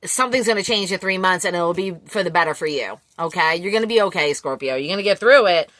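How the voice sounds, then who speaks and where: A woman giving a casual collective tarot reading, blunt and quick to swear, laughing often. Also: on the low side, expressive, fairly bright tone, dry recording. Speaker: tarot reader.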